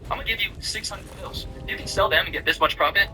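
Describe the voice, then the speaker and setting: A man rattling off an absurd comic story in a rambling, deadpan way. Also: high voice, fast talker, rough recording. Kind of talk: rapid comedic storytelling.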